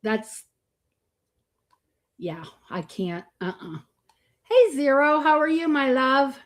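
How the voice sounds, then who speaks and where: A woman's voice: high voice, sing-song, slow. A woman hosting a live reaction stream, greeting viewers by name and speaking bluntly, with frequent swearing and disgusted groans. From Florida. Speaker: livestream host. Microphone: streaming microphone.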